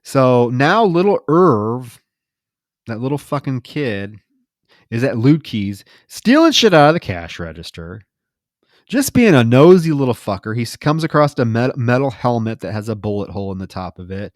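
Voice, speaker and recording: A man's voice: mid-range voice, sing-song, moderate pace, dry recording, clean studio sound. A man co-hosting a podcast, recapping a film in casual, profane, wry storytelling and acting out its characters' lines. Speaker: podcast co-host. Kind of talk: casual movie recap chat.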